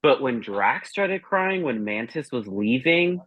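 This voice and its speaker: A man's voice: medium pitch, sing-song, slow, no room sound. A man chatting casually as a guest reviewer, telling rambling, profane stories. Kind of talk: casual chat. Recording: dry, dull lo-fi sound.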